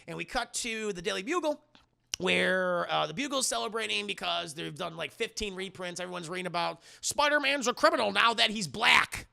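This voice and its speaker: A man talking to his stream chat in a high, bright voice with a strong gravelly fry. He retells film scenes in a loose, profane, excitable way and acts out the characters' lines. He sits close to his microphone. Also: brisk. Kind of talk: casual livestream commentary with chat. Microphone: close desk microphone.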